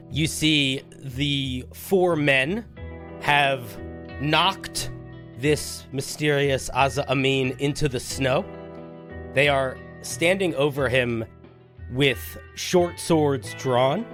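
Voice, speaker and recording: A man's voice: fairly high pitch, a bit bright. A man hosting a tabletop game podcast, narrating scenes and reading announcements in an upbeat, chatty way. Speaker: game master and host.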